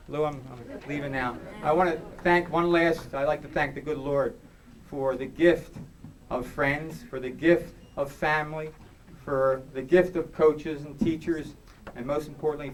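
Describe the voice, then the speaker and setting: Earnest male award recipient, heartfelt and halting, picked up from a distance in a banquet hall. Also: on the high side, steady tone. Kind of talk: heartfelt acceptance speech. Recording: distant mic in a noisy hall.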